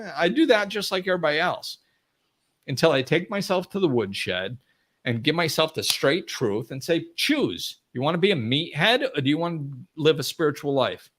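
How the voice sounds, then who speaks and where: A man's voice: medium pitch, bright, forceful tone. Blunt, emphatic man giving a spiritual talk. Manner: blunt, emphatic, acts out quoted voices. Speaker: spiritual teacher, host. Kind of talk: live talk to listeners.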